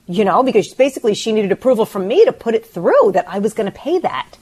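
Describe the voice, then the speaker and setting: A woman's voice: fairly high pitch, very animated, darkish tone, slightly rough. Shaken woman radio co-host. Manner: shaken and emotional, halting restarts. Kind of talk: casual radio talk.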